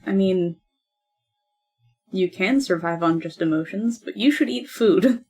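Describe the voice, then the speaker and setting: Cheerful young female adventurer, played by a woman; warm teasing reads. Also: medium pitch, unhurried, slightly rough, faint music behind. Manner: friendly, teasing. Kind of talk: tabletop role-play.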